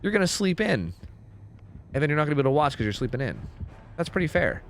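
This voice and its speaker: A young man streaming a game, talking casually and swearing as he thinks out loud. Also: a little high, fast, slight background noise. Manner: animated, profane, thinks out loud. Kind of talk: casual live-stream gameplay commentary.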